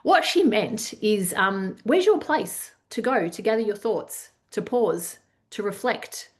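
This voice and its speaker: Speaking slowly in a medium-pitched voice, a woman leads a leadership masterclass webinar, chatting through anecdotes. She's talkative, leans heavily on fillers, and recounts events in an animated way.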